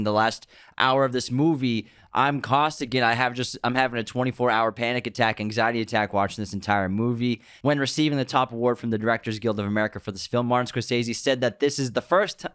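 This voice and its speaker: A man co-hosting a casual film podcast, enthusiastically running through background facts in quick lists. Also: mid-range voice, fairly bright tone, clean tone, no echo, clean studio sound. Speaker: podcast co-host.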